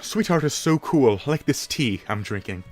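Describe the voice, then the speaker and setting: A prim male mole worker in a fumbling fake British accent, as a man puts him on. He sounds clearly higher than his normal voice, and the video-game character comes across as stereotyped and unsure. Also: animated, moderate pace, faint music behind, close to an everyday voice.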